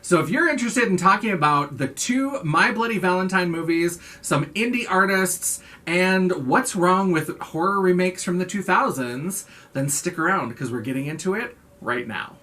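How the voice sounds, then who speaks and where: A woman's voice: lowish voice, animated, normal speed, hardly any pauses, a bit bright. A young woman hosting a horror movie video channel, chatting playfully with sarcastic, theatrical asides. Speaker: horror vlogger. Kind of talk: casual video chat.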